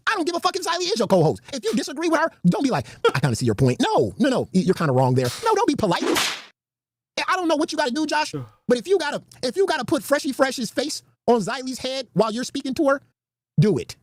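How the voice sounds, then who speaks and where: A man in a played stream clip, ranting in an animated, profane way. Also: very high voice, quick pace, dry recording. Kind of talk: animated rant.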